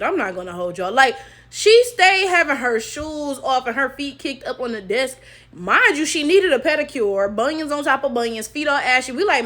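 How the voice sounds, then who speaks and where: A woman's voice: very high-pitched, sharp tone. A young woman, giving emphatic casual commentary straight to her viewers. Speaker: commentary video host.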